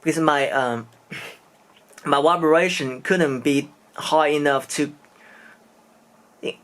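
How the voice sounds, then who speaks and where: A man's voice: a little high, slow pace, fairly bright tone. A man from China, speaking English and telling a personal story in a casual vlog, hesitant and searching for words. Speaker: vlogger.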